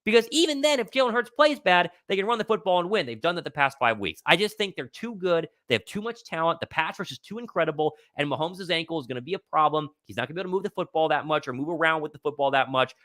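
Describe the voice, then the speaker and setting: A young man hosting a live sports stream, talking with excitable confidence and reading out viewers' questions. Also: fairly high pitch, fast, hardly any pauses, no room sound, studio quality. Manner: excitable, confident, reads chat questions aloud. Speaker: host of a sports livestream. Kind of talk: live pregame Q&A commentary.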